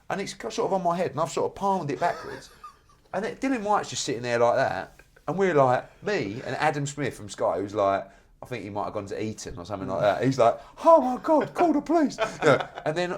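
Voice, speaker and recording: A middle-aged man, a boxing promoter and guest, telling lively stories with acted-out quotes in a casual podcast chat. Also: mid-range voice, a little fast. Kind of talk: animated storytelling in a podcast chat.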